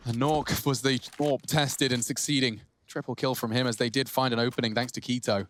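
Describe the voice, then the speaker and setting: A man doing fast, excitable play-by-play for a competitive shooter match, joking with his co-caster. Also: medium pitch. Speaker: esports caster. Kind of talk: play-by-play commentary.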